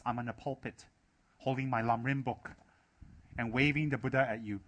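A man's voice: medium pitch, a little fast. A man giving a Buddhist dharma talk, emphatic and repetitive, asking many rhetorical questions. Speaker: Buddhist teacher.

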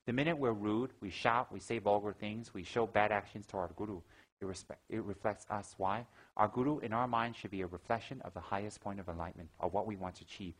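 A man giving a Buddhist teaching, telling stories in an animated way and acting out gasps and quoted lines. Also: on the low side, brisk, low-quality recording. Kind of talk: dharma talk with anecdotes.

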